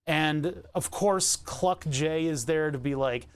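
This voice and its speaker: A man's voice: a little high, measured pace, few pauses, clean tone. A nasal-voiced American man rambling casually to his live-stream viewers while he works, laughing often. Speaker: livestreamer.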